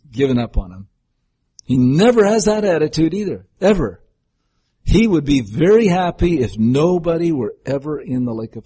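A man's voice: a little high, breathy edge. An older man preaching a folksy sermon, telling homely stories and sometimes acting out voices. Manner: folksy, storytelling, breaks into acted voices.

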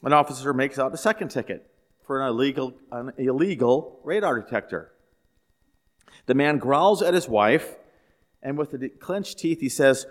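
A man's voice: mid-range voice, lively intonation, moderate pace. A man pastor giving a sermon in a conversational storytelling way, asking the listeners questions. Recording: echoey hall.

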